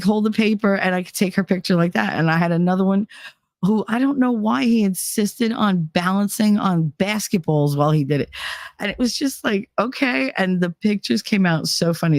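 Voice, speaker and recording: A woman tells stories podcast-style, animated and salty-mouthed, with sudden leaps upward when she quotes someone. Her voice sits at a middle pitch. The recording is dry and close, with no room sound. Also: no echo. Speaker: podcast host. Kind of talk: casual storytelling.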